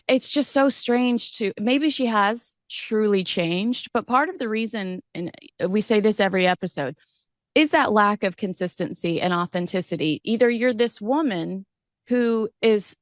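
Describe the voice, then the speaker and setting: A woman's voice: medium pitch, no room sound. Woman host for casual commentary: wry, rambling, critical, dry sound.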